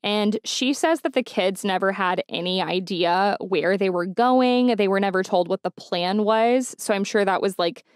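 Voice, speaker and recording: A woman's voice: mid-range voice, moderate pace, few pauses, clean tone, dry recording, clean studio sound. A woman hosting a podcast, recapping a documentary in a chatty, storytelling way with indignant asides. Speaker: podcast host. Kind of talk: casual true-crime recap.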